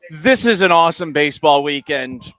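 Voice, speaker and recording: A man's voice: a little high, moderate pace, dry recording. A man hosting a sports radio show, talking casually with jokes and rambling asides. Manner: animated, joking, rambling asides. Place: radio booth on location.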